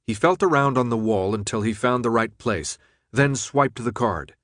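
A man reading an audiobook as narrator, with steady, even-paced storytelling. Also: mid-range voice, moderate pace, dry recording, clean studio sound. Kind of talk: scripted narration.

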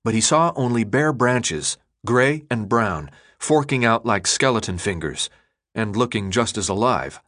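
A man narrating a novel aloud in an expressive storytelling manner. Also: fairly low pitch, unhurried, no room sound, clean studio sound. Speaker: audiobook narrator. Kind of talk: scripted narration.

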